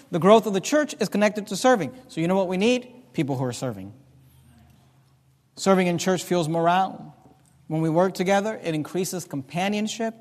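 A man preaching a sermon as pastor, reading scripture aloud with rising emphasis. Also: high-pitched. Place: church sanctuary. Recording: reverberant church hall.

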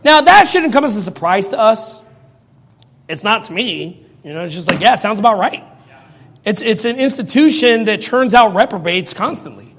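A man preaching in a mocking, sarcastic rant, now and then bursting into shouts. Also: sits high, expressive, normal speed. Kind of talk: ranting commentary. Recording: long reverb.

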